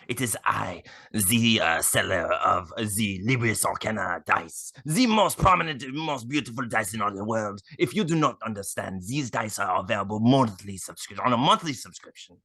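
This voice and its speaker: A man voicing a suave, seductive male French dice seller in a put-on French accent, with a breathy, husky voice. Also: expressive, sharp tone, full character voice. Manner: sultry, drawn-out sales pitch.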